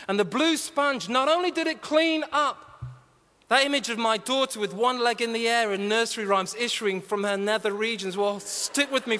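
High, bright-voiced preacher. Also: male voice. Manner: animated, self-mocking storyteller building to earnest exhortation. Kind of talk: humorous storytelling sermon. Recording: long reverb of a large hall.

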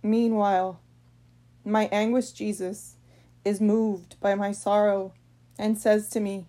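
Slow, solemn woman reading a prayer. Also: medium pitch, flat delivery, dark tone. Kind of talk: devotional meditation reading.

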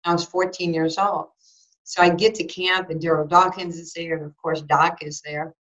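A woman in her fifties, from New York, tells animated anecdotes in an interview, full of fillers and acted-out quotes. Her voice sits on the low side. The recording sounds a little dull and muffled. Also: moderate pace. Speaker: guest, former basketball player and coach.

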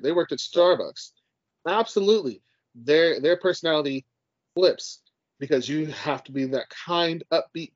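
A man co-hosts a podcast in a loose, emphatic way, with plenty of passion and casual swearing. His voice sits fairly high for a man. The audio is dull and dry, with no room sound. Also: no echo. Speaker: podcast co-host.

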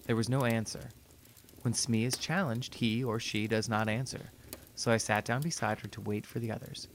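A man narrating a story in a steady, measured reading voice. His pitch sits in the middle of the range, and he takes his time over each sentence. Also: a little hiss or hum.

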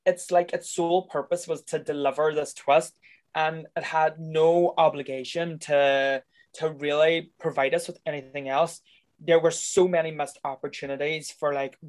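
Sweary man ranting about a film. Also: fairly high pitch. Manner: blunt, sweary, exasperated ranting. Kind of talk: casual film review chat.

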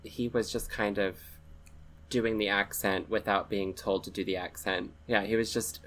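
A man with a very low voice talks films on a podcast. He reasons things through carefully, hedging with ums and you-knows as he builds his point in a casual chat. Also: fairly even intonation, fairly bright tone. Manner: analytical, measured, hedges with fillers. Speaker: podcast co-host. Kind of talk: casual film discussion.

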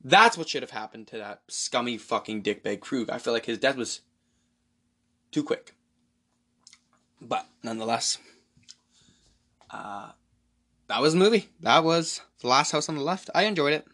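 A man hosting a solo podcast, rambling excitedly and profanely through a movie recap. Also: mid-range voice, moderate pace, long pauses. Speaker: podcast host.

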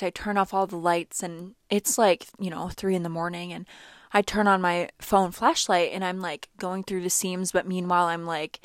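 A woman's voice: lowish voice, dry recording, clean studio sound. A young woman vlogger telling a personal story in a chatty, casual way, full of "like" fillers. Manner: chatty, animated, many "like" fillers.

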